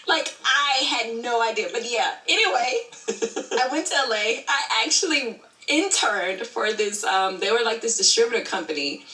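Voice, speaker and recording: A woman's voice: on the high side, expressive, normal speed, sharp tone, distant mic. A woman in her thirties from Alabama, a creator of scripted shows, telling her story in a chatty, easygoing way during an interview. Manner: chatty, storytelling, laughs easily. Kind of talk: casual interview answers. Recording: echoey room, away from mic.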